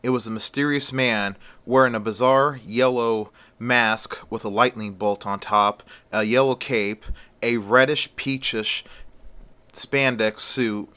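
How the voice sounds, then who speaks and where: A man's voice: medium pitch, fairly even intonation, unhurried, sharp tone, clean tone. A man casually retelling a story in a rambling, conversational way.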